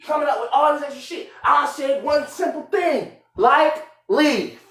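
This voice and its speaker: A young man arguing angrily and profanely with his partner on a live stream, repeating himself and shouting. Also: extremely high pitch, measured pace. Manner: angry, profane, repetitive shouting. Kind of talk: heated argument on a live stream. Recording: echoey room.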